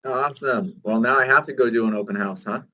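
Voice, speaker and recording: A man's voice: medium pitch, fast talker, sharp tone, low-quality recording. A man at a meeting replying in a friendly, appreciative casual way. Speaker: meeting attendee. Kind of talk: casual chat.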